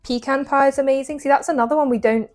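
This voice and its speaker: A woman's voice: sits high, fairly even intonation, quick pace, faint music behind. A young English woman chatting casually to viewers while she bakes in her home kitchen, joking at her own expense. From England. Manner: chatty, self-mocking, talks to viewers. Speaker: baking vlogger. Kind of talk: casual chat while baking.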